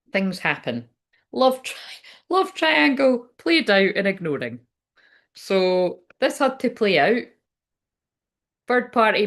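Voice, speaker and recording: A woman with a fairly low voice talks through a tarot reading in a loose, casual way. She swears freely, laughs often and breaks off mid-thought. Her manner is chatty and unpolished. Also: a bit bright. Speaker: tarot reader.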